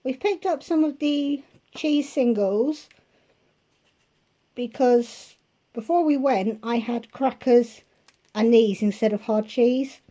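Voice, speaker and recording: A woman's voice: fairly high pitch, slow pace, long pauses, mellow. A woman vlogging a grocery haul from her kitchen at home, talking casually and rambling into chatty asides.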